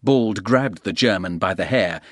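A low-voiced man narrates an action thriller for an audiobook, reading from a script with a brisk, steady delivery. There's no echo or room sound; the audio is tight, close and dry.

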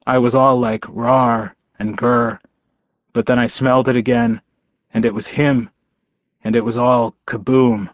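A man doing an excited young werewolf boy. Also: unhurried, dry recording, dull audio, natural voice. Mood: gushing. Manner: breathless eager questions, rising pitch.

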